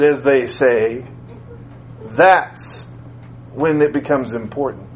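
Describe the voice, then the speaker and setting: A man's voice: mid-range voice, slow, long pauses, slight background noise, poor audio. A man preaching a sermon in a conversational way, repeating phrases for emphasis. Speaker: school teacher.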